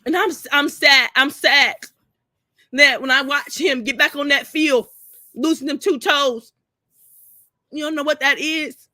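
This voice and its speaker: A woman's voice: high voice, unhurried, long pauses, bright, forceful tone, dry recording, studio quality. A crying woman pouring out a profane, repetitive rant to her camera, speaking. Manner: tearful, repeating herself, profane. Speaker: vlogger. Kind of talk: emotional personal rant to camera.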